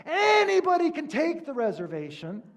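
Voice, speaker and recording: A man's voice: high voice, very animated, normal speed, darkish tone. A man doing an exasperated comedian. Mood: agitated. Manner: agitated, insistent, rising emphasis. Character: exasperated male comedian complaining at a rental counter.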